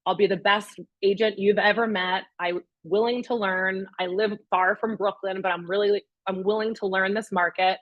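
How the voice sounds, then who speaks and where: A woman's voice: medium pitch, moderate pace, few pauses, no room sound, lo-fi sound. A young adult woman, a real estate agent, telling a personal story at a master class and acting out her own past words and other people's. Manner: animated storyteller, quotes herself and others.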